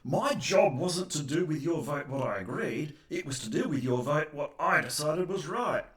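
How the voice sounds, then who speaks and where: A man's voice: fairly high pitch, animated, moderate pace, a bit bright, reverberant, far from the mic. An Australian man voicing a glib male politician brushing off a voter, in his own plain voice. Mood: smug.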